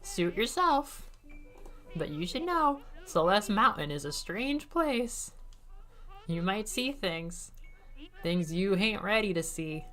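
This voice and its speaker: A woman voicing a cranky, teasing old woman who lives on a mountain, with slow, mocking lines. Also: mid-range voice, sing-song, a bit bright, faint music behind.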